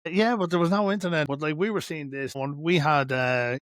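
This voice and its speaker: A man's voice: fairly high pitch, a little fast, a bit bright, dry recording, studio quality. An Irish man hosting a podcast, chatting casually in a rambling, encouraging way. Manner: rambling, encouraging, many fillers. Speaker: podcast host. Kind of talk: casual chat.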